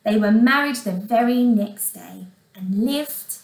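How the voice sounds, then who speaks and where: A woman teacher reading a storybook aloud to young children in an expressive way, sometimes asking them questions. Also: a little high, takes it slowly, vocal fry, reverberant, recorded from a distance, low-quality recording. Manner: expressive, asks the listeners questions. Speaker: primary school teacher.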